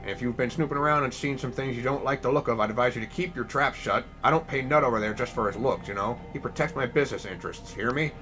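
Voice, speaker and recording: A man voicing a gruff, guarded male mushroom farmer who runs a shop in a video game, talking in a low, threatening way. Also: fast, hardly any pauses, bright, forceful tone, faint music behind, close to an everyday voice. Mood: menacing.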